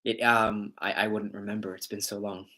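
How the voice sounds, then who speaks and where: A man's voice: lowish voice, level tone, moderate pace, sharp tone. A man hosting a casual livestream, reading out viewer comments and rambling in a joking way, often breaking into laughs.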